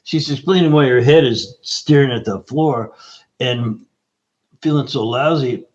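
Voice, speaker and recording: Male guest, animated storyteller, mid pitch, slightly muffled recording. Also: a little slow. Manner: lively anecdotal storyteller. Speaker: guest nutritionist. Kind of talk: storytelling interview talk. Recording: slightly dull lo-fi audio.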